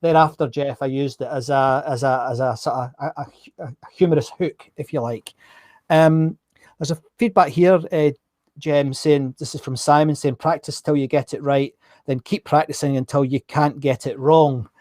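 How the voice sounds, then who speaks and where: A man's voice: mid-range voice, steady tone, moderate pace, darkish tone, no room sound, studio quality. A Scottish man hosting a live-streamed interview, chatting casually, correcting himself and reading out viewer comments. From Scotland. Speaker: host.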